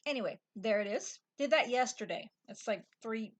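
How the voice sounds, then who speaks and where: A woman's voice: a little high, lively intonation, normal speed. Dry-humored woman showing her stitching. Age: adult parent. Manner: dry, matter-of-fact, with restarts and fillers. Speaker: co-host of a stitching show. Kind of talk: casual chat showing stitching projects.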